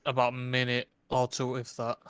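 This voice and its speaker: A man chimes into a casual podcast chat with short, blunt, matter-of-fact remarks. His delivery stays flat and level in pitch, and the recording is dry and close. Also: normal speed, clean tone, no room sound.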